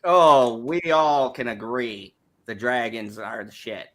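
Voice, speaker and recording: A man hosting a casual chat show, playful and quick to laugh. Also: mid-range voice, fairly bright tone. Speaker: host.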